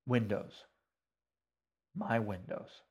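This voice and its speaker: A man reading a story aloud, voicing a polite middle-aged stranger who speaks gently and a bit formally. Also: on the low side, animated, breathy edge, full character voice. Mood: calm. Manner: measured, mildly formal.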